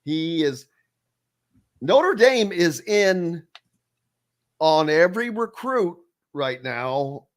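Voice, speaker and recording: A man hosting a casual sports radio talk show, halting and restarting often. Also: fairly high pitch, big pitch swings.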